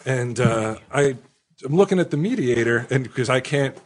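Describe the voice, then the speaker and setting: A man telling a rambling story in casual chat, crude and animated, acting out the people he quotes. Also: mid-range voice, moderate pace.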